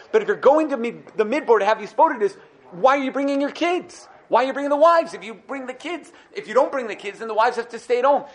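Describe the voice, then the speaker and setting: A young man giving a lively Torah class. He acts out the people he quotes and thinks out loud as he goes. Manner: animated, acts out quoted speakers with rising pitch; thinks aloud, repeats and restarts. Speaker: Torah teacher.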